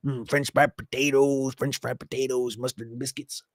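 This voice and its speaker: A man impersonating a slow, mumbling Southern man from a film, speaking in a low drawl with hums between words. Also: little pitch movement, dry recording, studio quality, lightly acted.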